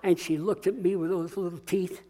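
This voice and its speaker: Older male pastor preaching a sermon, high voice. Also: flat delivery, moderate pace, dark tone. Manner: earnest, rising to call-and-response exhortation.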